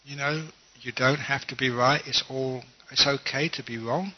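A man who is a monk, giving a dharma talk with gently humorous, self-mocking storytelling. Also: medium pitch, fairly even intonation, normal speed. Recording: dull lo-fi recording.

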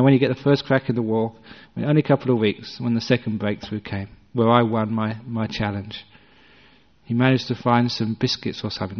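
Storytelling male meditation teacher in a hall. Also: medium pitch. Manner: conversational storyteller, gently humorous. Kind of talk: dharma talk with storytelling. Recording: dull recording with long hall reverb.

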